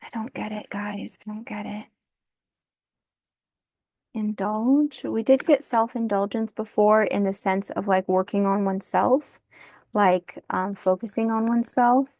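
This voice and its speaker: A woman's voice: medium pitch, steady tone, unhurried, a little mellow, no echo. A woman doing a casual tarot card reading, thinking aloud, often breaking into laughter and apologizing. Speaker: tarot reader.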